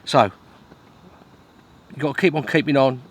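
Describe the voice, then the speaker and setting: A man's voice: medium pitch, moderate pace. A man talking to camera while fishing outdoors, chatty and self-mocking, with grumbling asides. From Britain. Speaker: fishing vlogger. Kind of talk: casual vlog to camera. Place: outdoors at a lake in wind and rain.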